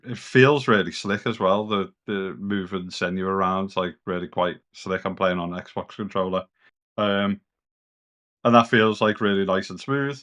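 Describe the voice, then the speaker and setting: A man's voice: low voice, fairly bright tone. A British man chatting casually as a co-host on a gaming podcast, rambling and a bit sweary. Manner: rambling, loose and sweary, lots of "kind of".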